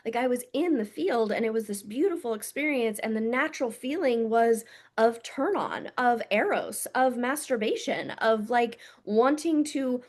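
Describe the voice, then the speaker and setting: A woman's voice: fairly high pitch, animated, normal speed. A woman speaking as a spiritual coach in a casual monologue to camera, blunt and intimate, swearing freely and calling her listeners "my loves".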